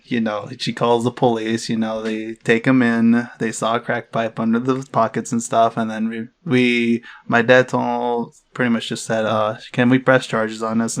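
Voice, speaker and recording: A young man co-hosting a podcast, telling a story in a loose, rambling way with many restarts. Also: mid-range voice. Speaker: podcast co-host. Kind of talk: casual storytelling chat.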